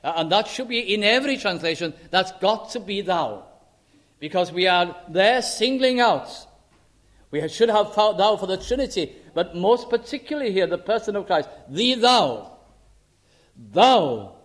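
A man preaching a sermon in an emphatic way, slowing down to stress scripture quotes and key words. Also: sits high, expressive.

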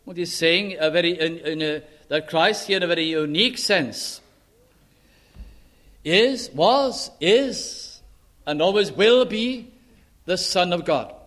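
A man preaching a sermon in an emphatic way, slowing down to stress scripture quotes and key words. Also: high voice, animated, fairly bright tone.

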